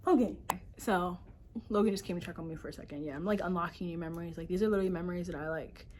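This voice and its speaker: A woman's voice: lowish voice, very fast, a little mellow, slight background noise. A young woman telling a storytime vlog about a painful experience, emotional and full of filler words and swearing. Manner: emotional, heavy use of filler "like", profane. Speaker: vlogger.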